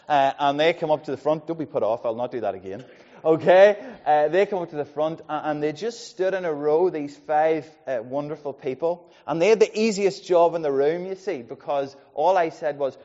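A man preaching a sermon, his mellow, darkish voice rising to loud emphasis and falling to soft asides. The sound is dull and carries a long reverb from a church hall. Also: on the high side, moderate pace. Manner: lively, swings between loud emphasis and quiet asides. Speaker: pastor.

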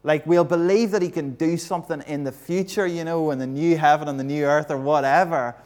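A man's voice: fairly high pitch, fairly even intonation, a little fast, darkish tone. A man preaching an all-age sermon in a church, acting out the story and quizzing the congregation.

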